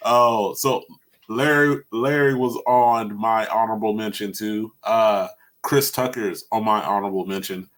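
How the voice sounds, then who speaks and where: A young man hosting a casual podcast, telling animated stories, laughing often and acting out what people said. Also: fairly low pitch, unhurried. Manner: animated storytelling, laughs often, acts out quotes. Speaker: podcast host. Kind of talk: casual chat.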